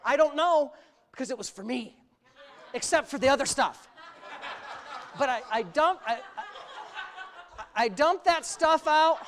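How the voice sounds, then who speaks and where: Animated male pastor preaching. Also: very high-pitched, unhurried, long pauses. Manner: animated, exclamatory, laughs while telling stories. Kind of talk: sermon.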